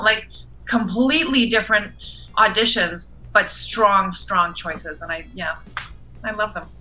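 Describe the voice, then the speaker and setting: A woman's voice: medium pitch, bright, forceful tone, poor audio. A woman guest giving casual acting feedback, effusive and full of enthusiastic praise.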